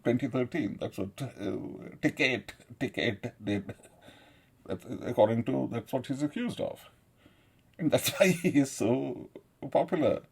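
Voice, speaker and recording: A man's voice: mid-range voice, unhurried, vocal fry, slightly rough. A middle-aged man from South India, giving a rambling, profane political monologue and laughing often between points. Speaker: commentator.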